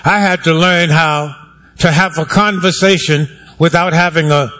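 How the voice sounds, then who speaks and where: A man's voice: fairly high pitch, steady tone, moderate pace, bright, forceful tone. A male pastor preaching a sermon to his congregation in a wry, conversational way, asking for amens and hands raised. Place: church sanctuary.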